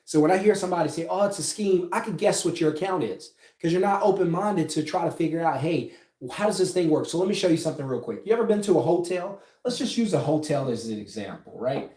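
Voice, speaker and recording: A man's voice: a little high, animated, quick pace, hardly any pauses, darkish tone. A man giving an emphatic motivational business talk, firing rhetorical questions and tagging lines with "right?". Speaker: business coach. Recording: echoey room.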